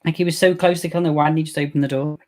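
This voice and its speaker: A man hosting a live movie watch-along, talking in an animated, campy way and laughing a lot. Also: fairly high pitch, rapid-fire. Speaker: host.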